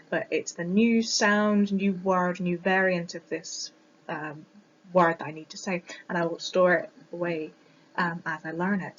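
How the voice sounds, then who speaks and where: A woman's voice: fairly low pitch, slight background noise. Reflective young woman, dull lo-fi mic. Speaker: recent teaching graduate. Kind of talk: personal video monologue. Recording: dull lo-fi mic that clips on loud moments.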